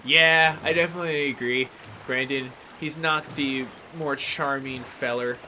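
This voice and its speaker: A man's voice: mid-range voice, fairly even intonation, a little slow, a little hiss or hum. A man from the Bay Area in California, casually rambling through live game commentary, greeting chat viewers by name. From San Francisco Bay Area, California. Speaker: gaming livestreamer.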